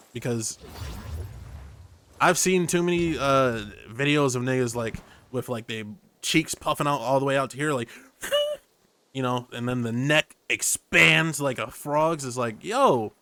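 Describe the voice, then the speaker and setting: A young man commentating over a game stream in an easygoing, rambling way, hopping from joke to joke. His voice sits at a middle pitch with a bright, forward edge. He talks close to his streaming microphone. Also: slight background noise. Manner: rambling, jokey, tangent-prone. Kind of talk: casual gaming commentary.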